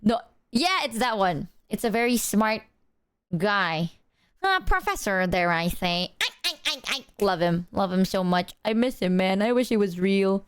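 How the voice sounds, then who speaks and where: A woman livestreamer telling a story to her chat, animated and swearing, acting out the voices of people she quotes. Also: medium pitch, a little slow, clear, resonant tone.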